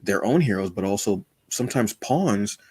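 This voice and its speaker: A man's voice: on the low side, lively intonation, moderate pace, darkish tone, breathy edge, no echo, clean studio sound. A man co-hosting a podcast, chatting casually and animatedly, acting out quoted lines with self-deprecating asides. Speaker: podcast co-host.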